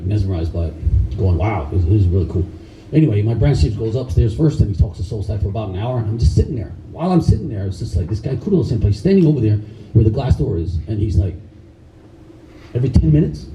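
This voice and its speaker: A middle-aged man telling a story on stage in a casual, animated way, swearing freely. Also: on the low side, highs cut off. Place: stage in a large hall. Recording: roomy hall, mic at a distance, faint noise.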